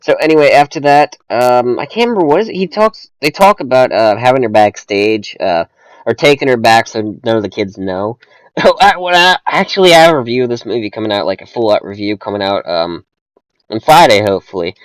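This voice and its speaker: Rambling young man with lively pitch. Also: brisk, clean tone, no room sound, rough recording. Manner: rambling, lots of fillers and restarts. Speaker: podcast co-host. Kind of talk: casual movie review chat.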